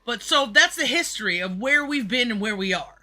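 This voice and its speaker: A man's voice: very high voice, animated, brisk, sharp tone, slight background noise. A man livestreaming a reaction, ranting angrily and mockingly with heavy swearing. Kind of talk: profane reaction rant.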